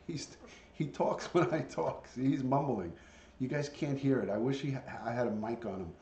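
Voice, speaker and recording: A man livestreaming with his pet parrot, chatting casually to viewers and coaxing the bird in high sing-song calls. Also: moderate pace, warm tone, muffled recording. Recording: echoey room with faint ambient noise.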